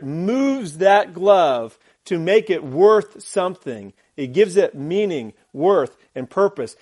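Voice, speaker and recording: Male pastor, higher pitch, emphatic sermon delivery, repeats phrases, asks the room questions. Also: a little mellow. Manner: emphatic preaching with rhetorical questions and repetition; uses a glove as a prop.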